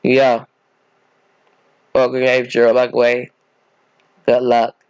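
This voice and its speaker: A man's voice: mid-range voice, completely flat delivery, slow, a little mellow, smooth, no echo. A man voicing an earnest young male hero student who speaks hesitantly, on a dull, dry recording. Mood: puzzled.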